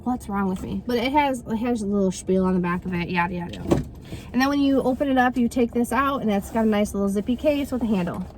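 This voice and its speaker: A woman's voice: fairly high pitch, fast talker, noisy background. A woman in her thirties chatting casually through a product unboxing, rambling with fillers and acting out little quotes. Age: 30s. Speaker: vlogger reviewing a product.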